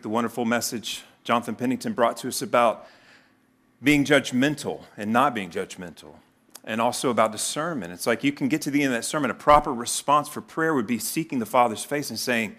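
A man delivers a sermon in an ordinary middle-pitched voice. He keeps it conversational, breaking into acted-out quotes with sudden leaps in pitch and loudness before settling back down. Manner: animated preaching, acts out quoted voices with sudden pitch jumps. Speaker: pastor.

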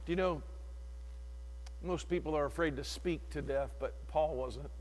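A male preacher delivering an impassioned sermon that swings from hushed tones to shouted lines. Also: on the high side, normal speed. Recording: long reverb in a large hall.

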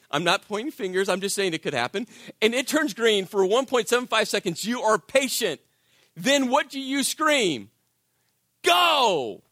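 This pastor has a very high voice and preaches a lively, conversational sermon in church, swinging from shouts to hushed, intimate delivery and often checking in with "right?" There's no room sound, and the audio is studio quality.

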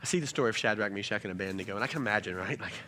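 A pastor in his thirties preaching a sermon and telling a family story, moving from quiet, low asides to loud, animated stretches. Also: racing, a little hiss or hum.

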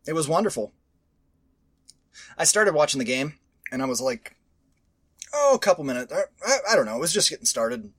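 A man hosting a podcast in casual chat, rambling, animated and profane. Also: mid-range voice, dry recording. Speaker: podcast host.

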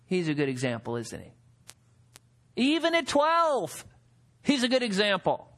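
A man's voice: very high voice, moderate pace. A man preaching a sermon, reading verses aloud, asking rhetorical questions and acting out the people in the story. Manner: expressive preaching, acts out quotes, rhetorical questions. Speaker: pastor.

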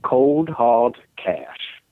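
Actor doing a pompous Mississippi gentleman on a tinny phone line, mid-pitched, flowery and formal. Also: big pitch swings, extremely slow, no room sound. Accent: Southern US, Mississippi. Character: pompous genteel Southern man, football star's cousin. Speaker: caller.

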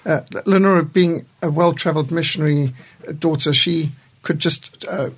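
A man's voice: a little high, fairly even intonation, moderate pace, husky. A man in his sixties, a studio guest, telling stories in a reflective conversation and chuckling through his anecdotes.

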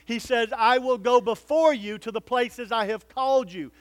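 Animated high-voiced preacher man. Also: moderate pace, no echo. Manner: animated preaching, swinging from loud calls to hushed pleading. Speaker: pastor. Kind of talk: sermon.

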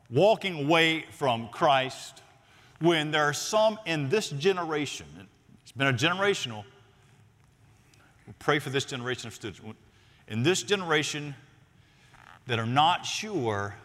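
A man preaching a sermon as a pastor, swinging between loud emphatic lines and near-whispered ones. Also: fairly high pitch, in a large hall.

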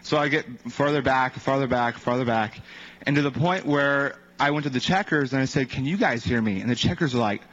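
A man's voice: medium pitch, brisk, a bit bright. A man casually telling a faith-healing testimony, rambling with many fillers and acting out the quotes of others. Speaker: evangelist sharing a testimony. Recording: dull lo-fi recording.

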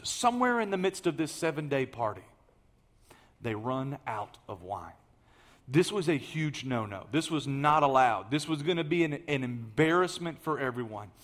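A man preaching a sermon, telling the story in a lively way that swings from loud emphasis to hushed asides. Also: on the high side.

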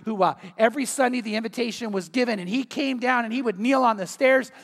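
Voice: mid-range voice, fast talker, creaky. Pastor preaching in a reverberant hall. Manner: earnest, conversational preaching with rhetorical questions. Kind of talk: sermon.

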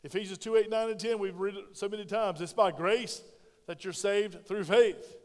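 A man preaching a sermon as pastor, animated and conversational. He questions his congregation directly and swings between loud emphasis and hushed, intimate tones. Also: high voice, normal speed. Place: church sanctuary. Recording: long hall reverb.

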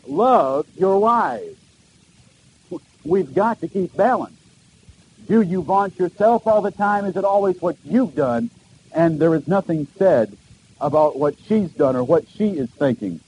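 In this low-quality recording of a sermon, a middle-aged male pastor speaks earnestly, asking questions and driving points home with emphatic repetition. Though a little high for a man, his voice comes across dark and mellow, and a faint hiss lingers in the background.

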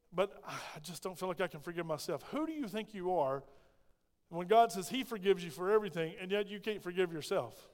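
Male pastor, high-pitched, emphatic sermon with questions to the crowd, echoing church hall. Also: clean tone. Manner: emphatic preaching with rhetorical questions to the congregation. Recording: long reverb of a large hall.

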